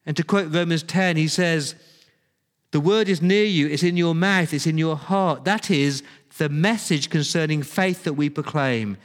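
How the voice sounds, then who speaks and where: A man's voice: on the high side, unhurried. A man preaching a sermon to his church, earnest and pleading, pressing his points with emphasis. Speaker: pastor. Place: church hall. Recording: long hall reverb.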